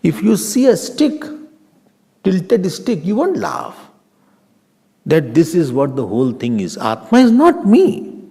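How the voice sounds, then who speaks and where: A man, a swami, giving a humorous, animated Vedanta class, mixing Hindi into his English and chanting Sanskrit verses. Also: a little high, slow, creaky, long pauses. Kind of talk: scripture class lecture. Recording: reverberant hall.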